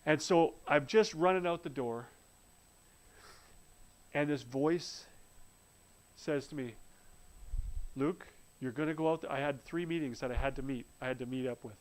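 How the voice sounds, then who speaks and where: A man's voice: medium pitch, normal speed, long pauses, rough recording. A man telling a personal faith testimony in an earnest storytelling way, often restarting his sentences. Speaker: speaker sharing a faith testimony. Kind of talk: live-streamed spoken testimony.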